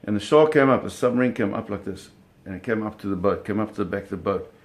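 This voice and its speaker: A man telling a personal story in an animated, vivid way, often restarting his phrases. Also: on the low side, fast talker.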